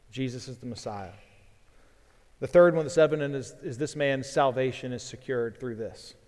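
A man's voice: medium pitch, darkish tone. A man preaching a sermon as pastor, earnest and building in force as he reads scripture aloud. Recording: long reverb from a large hall.

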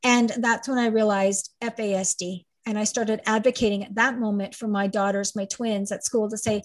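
Here the same parent advocate and trainer, a middle-aged interview guest, recounts her story in an emphatic, wandering way. She holds a steady, medium-pitched tone at a moderate pace with few pauses, and there's no room sound.

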